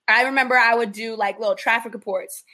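A woman radio personality chatting casually in an interview, animated and laughing often as she acts out what people said. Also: fast talker. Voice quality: deep strong voice for a woman.

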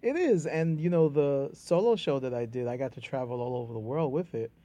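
A middle-aged man with a New York accent, a comedian and playwright chatting as a guest in an animated, storytelling way. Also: mid-range voice, a little fast. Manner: animated storyteller, drops into quoted voices and laughs. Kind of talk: casual conversation.

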